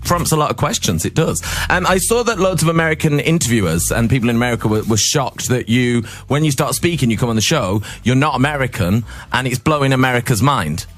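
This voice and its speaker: A man's voice: mid-range voice, expressive, quick pace, hardly any pauses, a bit bright. A man hosting a radio show in a studio, chatting with enthusiasm and laughing often with his guest. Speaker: radio host.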